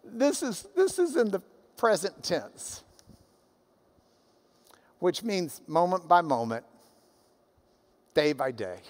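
A man preaching a sermon as pastor, animated, dropping to soft asides. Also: high-pitched, slow pace, pauses often. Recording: long hall reverb.

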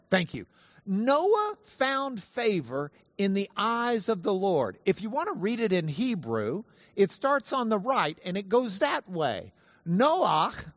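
A man teaching a Bible lesson to an audience, animated and playful, spelling out Hebrew words slowly. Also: a little high, dry recording, dull audio. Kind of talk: lively teaching talk to an audience.

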